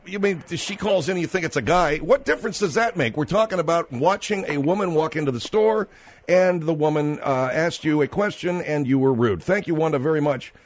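Male call-in radio host, fairly high voice, dry and cutting, studio sound. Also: fairly quick. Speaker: radio talk show host.

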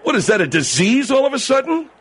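A man's voice: very high voice, sing-song, fairly bright tone, slightly rough. A man hosting a comic radio call-in show, exasperated and incredulous. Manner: exasperated, incredulous, quick-tempered.

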